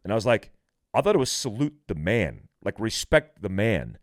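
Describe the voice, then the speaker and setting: A middle-aged man, a military veteran guest, telling profane, animated stories in a casual podcast conversation. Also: fairly low pitch, brisk, dry recording, studio quality.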